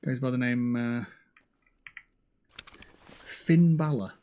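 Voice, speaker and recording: Warm in tone, mid-range in pitch and slow in pace, this man streams himself playing a shooter. Over his headset mic he chats loosely, joking and swearing at whoever he's up against.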